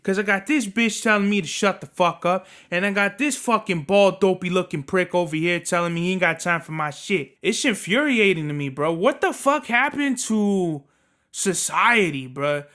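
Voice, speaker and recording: Young guy on a podcast, high bright voice, cussing and ranting about his day. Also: normal speed. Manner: animated, cursing, storytelling. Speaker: podcast host. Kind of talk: casual profane podcast rant.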